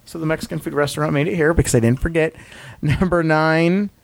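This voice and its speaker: A man's voice: on the high side, fast, gravelly, no room sound. A man hosting a casual podcast, rambling and self-deprecating as he reads out a ranked list and justifies his picks. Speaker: podcast host.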